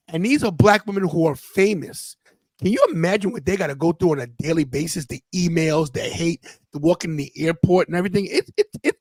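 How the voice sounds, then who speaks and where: A man's voice: high-pitched, no room sound, poor audio. A man in his fifties hosting a podcast, telling a personal story in an earnest, casual way and often restarting his sentences. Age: 50s. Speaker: podcast host.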